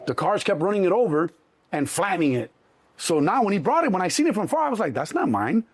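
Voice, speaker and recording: A middle-aged man with a Chicago accent, telling a story in an interview, animated and swearing freely, acting out the other voices. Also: sits high, fast. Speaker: interview guest. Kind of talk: casual storytelling.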